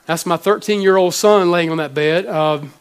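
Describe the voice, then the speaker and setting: A high-pitched man in his forties preaches from the pulpit as a pastor. His delivery is heartfelt and halting, full of restarts and repeated words. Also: clean tone. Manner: emotional, halting with many restarts. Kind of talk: sermon.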